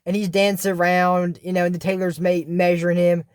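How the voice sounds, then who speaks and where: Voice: medium pitch, little pitch movement, fairly quick, a little mellow, smooth, no echo, studio quality. A YouTuber recapping a cartoon episode in casual commentary, rambling and correcting their own slips.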